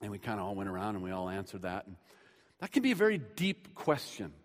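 A man preaching a sermon in a conversational way, moving between loud, emphatic stretches and hushed ones. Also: on the low side, very animated, quick pace, long reverb tail, soft background music. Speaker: pastor.

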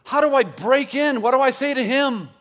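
A man's voice: high voice, moderate pace, slightly rough. A man putting on the voice of an ashamed adult disciple who frets and questions himself. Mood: anxious.

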